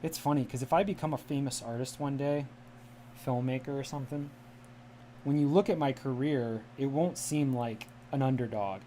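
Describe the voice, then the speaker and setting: A man's voice: medium pitch, moderate pace, dark tone, slight background noise. A man from the Midwest chatting casually on a livestream, enunciating carefully in a polished media-style voice. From American Midwest. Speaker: livestream host. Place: home room with a cat.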